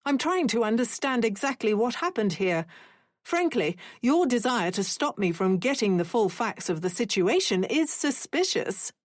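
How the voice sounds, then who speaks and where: A woman's voice: on the high side, big pitch swings, moderate pace, dry recording, studio quality, pitched above the performer's own voice. A woman voicing a stern mother who questions coldly and sharply. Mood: insistent. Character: stern mother, cold and demanding.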